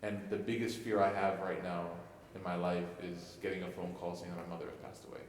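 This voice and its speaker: Young male imam, low voice, emotional and joking storyteller; distant mic in a long-reverb prayer hall. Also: little pitch movement, brisk, a little hiss or hum. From Egypt (family), raised in Chicago. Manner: emotional, storytelling with jokes and rhetorical "right?". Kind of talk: mosque talk to youth. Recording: echoey hall from far off.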